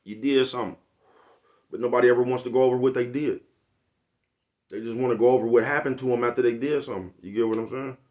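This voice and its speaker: A man's voice: mid-range voice, steady tone, fast talker, a little mellow. An older man, giving a blunt, preachy, profane motivational monologue to his viewers. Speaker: vlogger.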